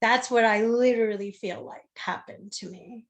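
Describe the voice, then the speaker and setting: A woman's voice: a little high, moderate pace. A woman guest telling a personal story in a conversation, speaking candidly, swearing freely and acting out the people she quotes. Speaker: interview guest.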